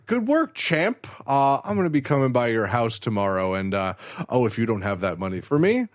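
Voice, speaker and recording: A man voicing a cold, menacing female android who delivers threats flat and low. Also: brisk, clean tone, no room sound, clean studio sound. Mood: deadpan menace.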